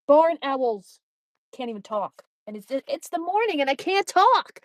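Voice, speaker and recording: A woman's voice: sits high, big pitch swings, a little slow, no echo. A woman hosting a live stream on a morning walk outdoors, chatting with viewers, reading their comments aloud and baby-talking to her dog. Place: outdoors at a mountain park.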